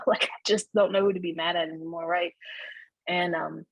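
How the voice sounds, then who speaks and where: Woman, low voice, husky, candid storytelling, dry close sound. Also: moderate pace, no room sound, low-quality recording. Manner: animated, frequent "right?" tags and laughs. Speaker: interview guest. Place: Florida.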